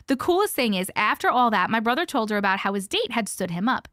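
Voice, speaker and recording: A woman hosting a casual live stream, chatting with viewers and reading stories aloud with hushed dramatic pauses. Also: fairly high pitch, animated, no echo, studio quality.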